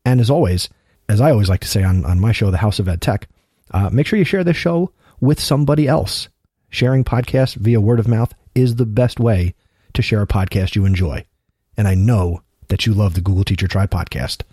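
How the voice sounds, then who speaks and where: A man's voice: fairly low pitch, brisk, dark tone, husky, no room sound, clean studio sound. A man hosting a podcast rewind, reading an upbeat, promotional outro.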